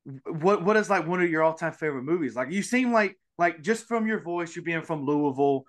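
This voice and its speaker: A man's voice: a little high, animated, fairly quick. A man from Mississippi with a Southern accent, hosting a podcast interview in a rambling, chatty way with lots of fillers. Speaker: podcast host. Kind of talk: casual interview chat.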